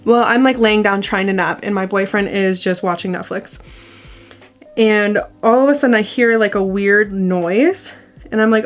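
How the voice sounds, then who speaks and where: Into her camera mic, a young woman vlogger shares a ghost story casually and ramblingly, filling it with "like" and other fillers. She speaks at medium pitch and a moderate pace, with faint music behind her.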